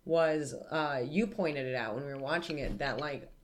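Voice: medium pitch, moderate pace. A podcast co-host in casual chat who gives dry, skeptical replies.

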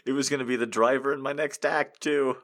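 A man chatting casually and rambling to his audience, joking, swearing and laughing a lot, and saying he is high. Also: fairly even intonation, fairly quick, fairly bright tone. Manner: joking, profane, laughs often. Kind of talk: rambling casual chat with impressions.

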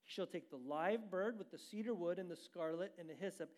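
High-voiced man preaching a lively sermon. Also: a little fast. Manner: animated preaching, asks the congregation questions. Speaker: pastor.

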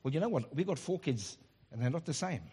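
A middle-aged man delivers a sermon as a pastor, with a high-pitched, husky voice. He preaches in an animated way and drops joking asides. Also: fast talker.

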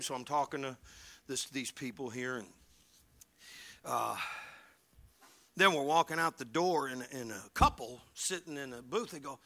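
A middle-aged man preaching a sermon as pastor, animated and joking with his congregation, swinging between loud and hushed. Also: medium pitch, moderate pace, creaky, pauses often. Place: church hall.

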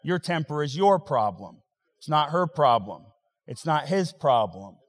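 A man preaching a sermon as pastor, swinging between loud rising exhortation and quiet, wry asides. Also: on the high side, big pitch swings, measured pace. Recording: long hall reverb.

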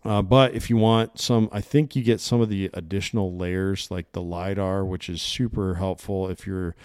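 A man's voice: low-pitched, steady tone, moderate pace, a little mellow, clear, resonant tone, dry recording, studio quality. A man hosting a podcast, talking in an enthusiastic, rambling way. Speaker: podcast host. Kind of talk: casual podcast interview.

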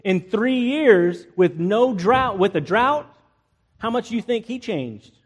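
A male pastor with a fairly high voice delivers a relaxed, conversational sermon. He jokes with his listeners and acts out the people in the story as he goes. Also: slow, breathy edge. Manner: acts out biblical characters in playful asides, jokes with the congregation.

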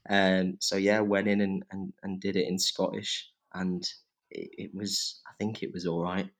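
A man's voice: low voice, steady tone, normal speed. A young man, an actor guest on a podcast, chatting enthusiastically with lots of fillers and laughter. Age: young adult. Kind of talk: casual podcast chat.

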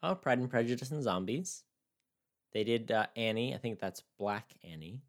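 A man's voice: medium pitch, lively intonation, normal speed. A man co-hosting a casual comedic movie chat, wry and incredulous. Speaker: podcast co-host.

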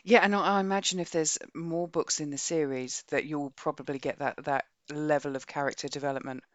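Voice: mid-range voice, fairly even intonation, fairly quick, no echo. A podcast co-host recapping a book's plot in a casual, rambling way, with many restarts.

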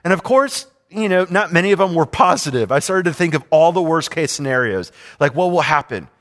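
A man's voice: on the high side, animated, fairly quick. A man preaching a sermon, telling a personal story in an earnest, confessional way and often repeating himself. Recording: long hall reverb.

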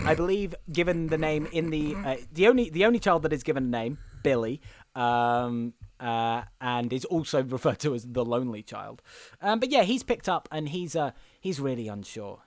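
A man's voice: medium pitch, no echo. A young man with many ums and laughs, recapping a film as a casual comedy podcast co-host.

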